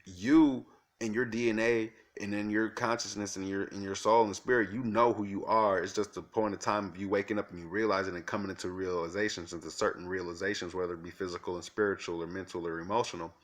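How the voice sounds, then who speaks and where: Low-voiced man rambling earnestly. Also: fairly even intonation, fast. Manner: rambling, earnest, repeats himself with fillers. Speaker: vlogger. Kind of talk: casual monologue to camera.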